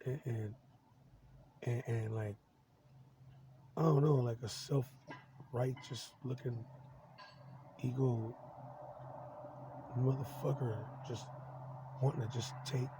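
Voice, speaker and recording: A man's voice: medium pitch, steady tone, background noise. A man in his forties talking in a rambling personal monologue, agitated and swearing constantly, stumbling over restarts. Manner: profane, agitated, halting with many restarts.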